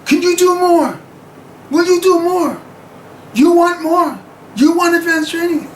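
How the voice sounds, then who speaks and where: A man voicing a stern, demanding female karate teacher who shouts her challenges. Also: very high voice, measured pace, roomy sound, a little hiss or hum, voice pushed up, rough recording.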